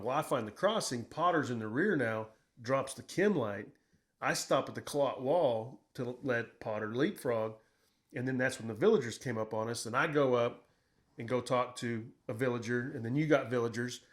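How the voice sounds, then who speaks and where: A middle-aged man, a military veteran, telling combat stories in casual conversation, blunt and profane, acting out what he shouted. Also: mid-range voice. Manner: profane, blunt, quotes himself in raised voice.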